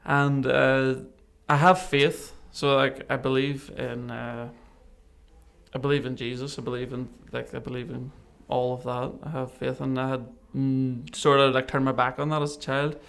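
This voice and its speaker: A man's voice: medium pitch, moderate pace, vocal fry. A man, a podcast guest telling a personal story and acting out what people said. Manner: animated, acts out remembered dialogue. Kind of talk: casual storytelling interview.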